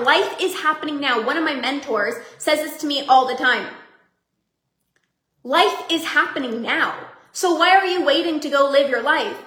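Woman, motivational coach, energetic, upbeat, bright voice, roomy sound. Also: high-pitched. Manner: energetic and upbeat, fast-talking with laughs. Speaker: binge eating coach and podcast host. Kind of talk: motivational live talk to members.

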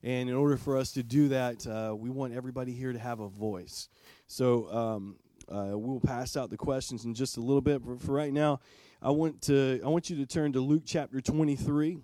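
A man's voice: mid-range voice, steady tone, moderate pace, mellow, dry recording. A man preaching a sermon as pastor in a church. He talks conversationally and asks the congregation direct questions.

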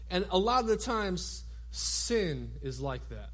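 A man's voice: fairly high pitch, very animated, normal speed, fairly bright tone. A man who is a youth and young adult pastor, preaching a sermon in a church in a loose, conversational storytelling way with frequent filler words.

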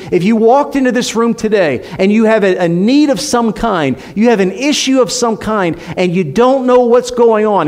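High-pitched guy preaching in church, punchy, gets loud on questions then drops real quiet. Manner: emphatic preaching, rising loud on rhetorical questions, dropping to soft near-whispers. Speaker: pastor. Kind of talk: sermon.

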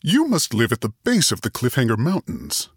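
Jack Frost, played by a man, a husky, cheerful winter spirit. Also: medium pitch, huge pitch swings, moderate pace, dry recording, clean studio sound. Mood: playful.

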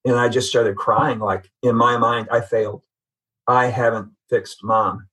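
A man's voice: medium pitch, steady tone, unhurried, bright, forceful tone, husky, rough recording. A man giving an earnest, reflective personal testimony as a guest in a conversation. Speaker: podcast guest.

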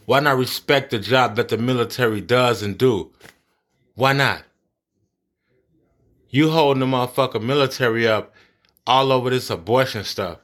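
A man's voice: mid-range voice, moderate pace, long pauses, fairly bright tone. A man ranting angrily about politics, profane and blunt. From United States. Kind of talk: angry political rant.

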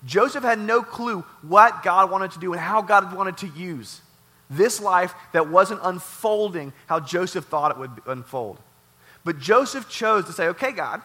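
A man pastor delivering a sermon in a warehouse church, repeating phrases and swinging between loud and soft. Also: high voice, lively intonation, measured pace.

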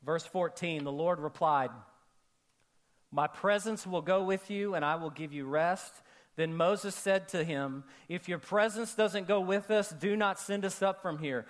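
A man preaching a sermon to a congregation, animated, acting out quoted voices and dropping to soft, intimate tones for emphasis. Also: high voice, unhurried. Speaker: pastor. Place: church auditorium with a congregation.

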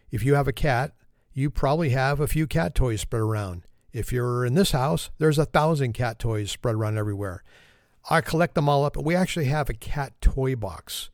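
A man's voice: mid-range voice, no echo, clean studio sound. A man hosting a podcast and delivering a humorous monologue in a wry, self-deprecating, conversational manner. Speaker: podcast host.

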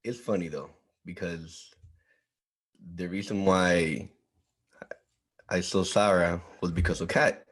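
A man's voice: deep voice, fairly even intonation, takes it slowly, long pauses, fairly bright tone. A man guest on a podcast, speaking briefly in a laid-back, casual way. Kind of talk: casual chat.

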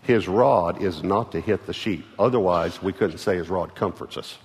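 A man with a Texan accent preaching a sermon as pastor, earnest, repeating words, moving from loud calls to hushed lines. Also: sits low, normal speed. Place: large church auditorium. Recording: large hall reverb with soft music.

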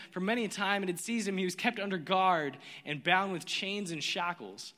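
A man preaching a sermon, telling the story with lively energy and acting out the voices of its characters. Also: high voice, fairly quick, few pauses, long reverb tail. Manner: animated storytelling, acts out voices. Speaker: pastor.

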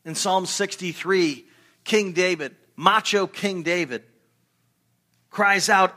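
A man's voice: medium pitch, a little slow, pushed and bright. A man preaching a sermon as a pastor, earnest and emphatic, often repeating words as he builds a point.

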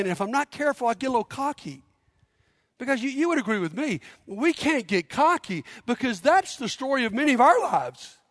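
A man's voice: very high voice, fairly bright tone, studio quality. A man preaching a sermon as pastor, emphatic, leading the congregation in call-and-response. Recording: long hall reverb.

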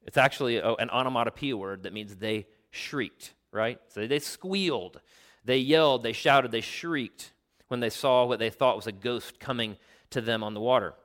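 Preaching at medium pitch, this pastor animates his stories and unpacks the original Greek. He lowers to a quiet, slow delivery when he wants to emphasize something.

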